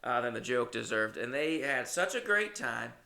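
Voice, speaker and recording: Gravelly, bright-toned young man telling stories. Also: mid-range voice, normal speed. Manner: animated, swearing, acts out dialogue in lively bursts. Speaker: comedian and podcast host. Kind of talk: casual storytelling monologue.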